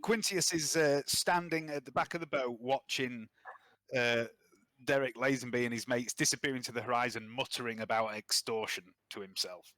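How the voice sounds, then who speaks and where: Man playing a tabletop game, formal, bright tense voice, dry close sound. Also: medium pitch, moderate pace, dry recording. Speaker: player.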